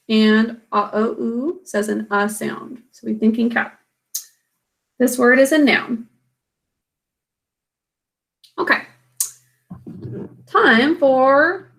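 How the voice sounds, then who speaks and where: A woman teacher walks a class through spelling, breaking each word into single sounds and syllables. She speaks slowly and patiently, in a voice pitched a little high. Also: a bit bright. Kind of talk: recorded spelling lesson.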